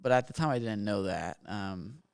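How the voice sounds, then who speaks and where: A man's voice: on the low side, expressive, normal speed, gravelly, a little mellow, smooth. A young man from Bermuda telling his story as a podcast guest, talking casually and rambling with lots of "like". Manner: rambling, filler-heavy with frequent "like".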